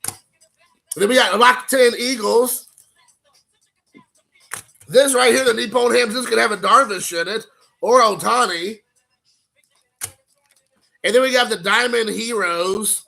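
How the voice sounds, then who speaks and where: A man with a high, bright voice and a gravelly fry at the edges. He talks casually and excitably, rambling and cracking jokes as he opens packs for his viewers. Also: a little slow, long pauses. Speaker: card collecting vlogger. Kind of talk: casual unboxing chat.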